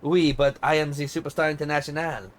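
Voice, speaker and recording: A man's voice: fairly high pitch, steady tone, a little fast, a little hiss or hum, close to an everyday voice. A man voicing a pompous eccentric female pop superstar with a fake French accent, talking grandly in odd word order. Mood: haughty.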